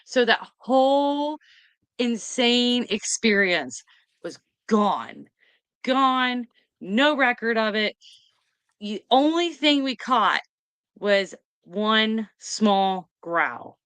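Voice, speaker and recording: A woman, hosting a casual chat and retelling a story in an excited, rambling way. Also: fairly high pitch, drawn-out words, clean tone, no room sound. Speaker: host.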